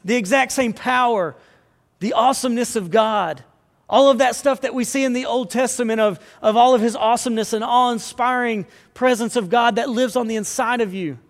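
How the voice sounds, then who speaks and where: A man preaching a sermon as pastor, earnest and building to fervent appeals. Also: high-pitched. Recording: long hall reverb.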